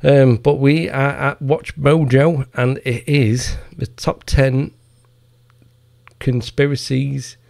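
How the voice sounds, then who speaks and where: Gravelly man ranting. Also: medium pitch, level tone, slow, a little mellow, no room sound, clean studio sound. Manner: profane, heated ranting with mocking asides. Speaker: podcast host. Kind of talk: casual solo podcast rant.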